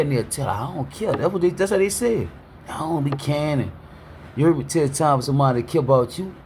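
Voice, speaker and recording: A man speaking delivers a preachy street talk. He keeps asking "you heard me", stutters through restarts, and uses an average-pitched voice. A faint noise sits under the recording. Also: darkish tone. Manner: repeats "you heard me" constantly, stammers on restarts. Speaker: motivational speaker.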